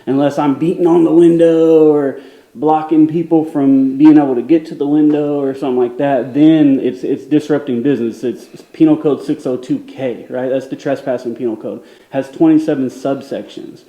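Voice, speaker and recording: Dark-voiced man arguing his rights. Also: a little high, steady tone, moderate pace, reverberant, low-quality recording. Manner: assertive, lectures about the law, laughs it off. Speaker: self-described journalist filming a public office. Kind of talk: confrontational on-camera argument. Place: indoor government office lobby. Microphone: handheld camera.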